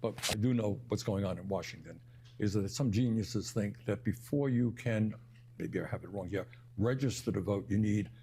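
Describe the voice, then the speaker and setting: A man speaking in an interview, halting and searching for words. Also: lowish voice, dark tone, a little hiss or hum.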